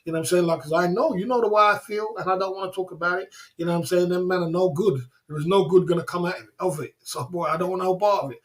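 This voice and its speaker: Livestream host, male, a bit higher pitch, loose rambling talk with lots of restarts. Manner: rambling, repeats himself, many fillers and restarts. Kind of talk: casual livestream rant. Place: Thailand.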